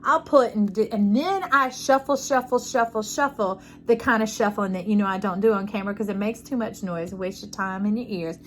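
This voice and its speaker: Talking a little fast with few pauses, a medium-pitched woman gives an intuitive tarot reading to camera amid slight background noise. It's a casual spiritual session, effusive and preachy, with frequent check-ins with the listener.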